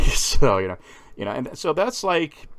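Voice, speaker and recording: A man's voice: on the high side, big pitch swings, a little slow, a bit bright, dry recording. A man talking in a casual, rambling monologue, swearing freely. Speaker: vlogger.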